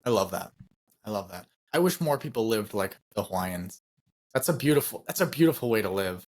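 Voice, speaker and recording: A man's voice: lowish voice, lively intonation, a little fast. A man co-hosting a podcast in a casual, enthusiastic way, repeating phrases for emphasis. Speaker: podcast co-host.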